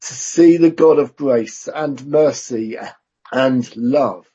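Slow husky preacher. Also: male voice, mid-range voice, mellow. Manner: slow, measured, conversational with self-aware asides. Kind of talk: sermon. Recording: dull lo-fi recording.

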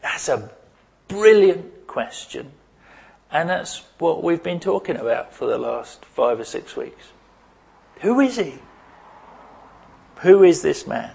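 Male pastor, fairly high voice, dramatic sermon delivery with sudden loud and soft swings. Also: very animated, takes it slowly, gravelly, long pauses, breathy edge. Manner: dramatic, swings from loud cries to hushed asides.

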